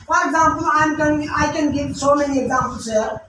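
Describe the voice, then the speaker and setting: High-voiced woman teaching grammar, repeats words slow, booming echoey room, mic far off. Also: fairly bright tone, a little hiss or hum. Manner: repeats words slowly, syllable by syllable, switching into local languages to explain. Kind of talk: grammar lesson with pronunciation drills.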